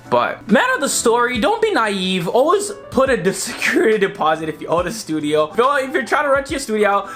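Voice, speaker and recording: A young man telling a story in a casual vlog, animated and exasperated, swearing freely. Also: on the high side. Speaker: photographer and vlogger.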